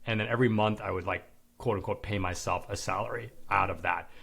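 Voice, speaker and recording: A man's voice: fairly low pitch, steady tone, quick pace, gravelly, a bit bright, slightly rough. A man in his forties, a podcast guest, telling a candid personal story in casual conversation, swearing now and then and acting out the people he quotes.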